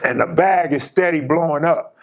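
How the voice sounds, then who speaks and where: A man's voice: on the high side, normal speed. A man hosting his channel, casually telling a personal story in an emphatic, slang-heavy way.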